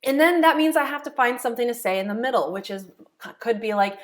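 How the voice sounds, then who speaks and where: Higher-voiced woman coach explaining steps. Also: expressive, fast. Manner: repeats key phrases, asks rhetorical checks. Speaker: law of attraction coach. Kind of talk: explanatory teaching monologue.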